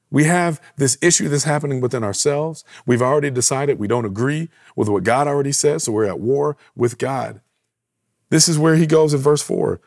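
A man's voice: mid-range voice, creaky, no room sound, studio quality. A man preaching a sermon as pastor, earnest, asking rhetorical questions and repeating phrases.

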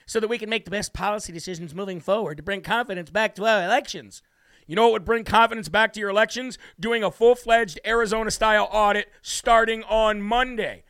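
Brash, high-voiced American man ranting. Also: fairly bright tone, clean tone, no room sound. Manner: brash, heated, mocking mimicry. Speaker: political talk show host. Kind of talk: opinionated political commentary.

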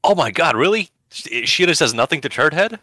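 A man co-hosting a podcast in casual chat, animated and breaking into high excited emphasis, speaking English as a second language. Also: fairly quick, no echo. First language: not English. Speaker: podcast co-host.

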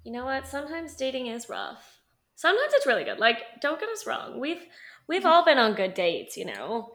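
A woman's voice: high voice, huge pitch swings, normal speed, fairly bright tone. A young adult woman co-hosting a podcast, telling a dating story in a chatty, sassy way with lots of laughter and fillers. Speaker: podcast co-host. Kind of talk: casual storytelling chat.

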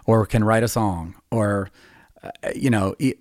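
A man's voice: on the low side, steady tone, measured pace, a little mellow, dry recording, clean studio sound. A man in his fifties, a songwriter hosting a podcast, telling long rambling stories in a casual, self-deprecating way. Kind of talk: casual storytelling chat.

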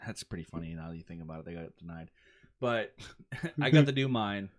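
A man's voice: low voice, expressive, a little fast. A man co-hosting a podcast in casual chat, laid-back and jokey, swearing freely as he tells stories. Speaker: podcast co-host.

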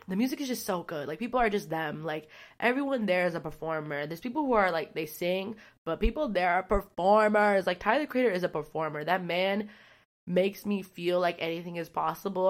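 A woman's voice: fairly low pitch, normal speed. A young woman hosting her own podcast, chatting casually and rambling, with lots of fillers and swearing. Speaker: podcast host. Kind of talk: casual solo podcast chat.

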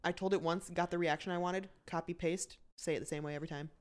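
A woman's voice: lowish voice, fairly even intonation, fast talker, a little hiss or hum. A young woman from Michigan with a Midwestern American accent, a chatty, playful storyteller guesting on a podcast. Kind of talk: casual chat.

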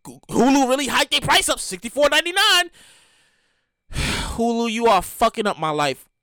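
Woman host, high bright voice, swoops up and down, swears and stutters through a comic rant. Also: very animated, normal speed, no room sound, studio quality. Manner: emphatic, profane, repeats herself with stammering restarts. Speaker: show host.

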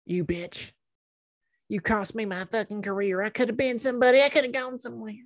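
A man putting on an indignant woman with an Oklahoma accent, talking high and whiny. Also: steady tone, fairly quick. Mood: furious. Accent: Oklahoma, as put on. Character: woman who kept a rented tape, indignant.

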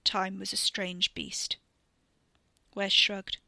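Bright-voiced woman narrating a story. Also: mid-range voice, fairly even intonation, no room sound. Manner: measured, literary storytelling. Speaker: audiobook narrator. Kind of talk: scripted narration.

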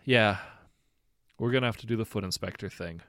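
A man voicing a flamboyant, self-pitying prince in his twenties, theatrical and loud. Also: lowish voice, moderate pace, dry recording, studio quality. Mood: melodramatic. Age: 20s. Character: flamboyant, whiny young prince, melodramatic.

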